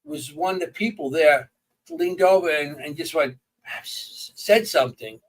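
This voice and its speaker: An animated man recounts investigation stories in casual chat, getting excited and tripping over his own sentences. His voice sits fairly high, and he sounds a little set back from the microphone. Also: distant mic, low-quality recording. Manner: animated storyteller, quick to get excited and restart sentences. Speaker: paranormal investigator.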